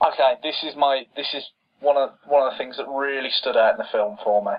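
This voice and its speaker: A man's voice: medium pitch, brisk. A man co-hosting a casual film chat, exasperated and sarcastic, picking apart the plot and mimicking characters. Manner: exasperated, sarcastic, mocks characters in quoted voices. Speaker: podcast co-host. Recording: dull lo-fi audio.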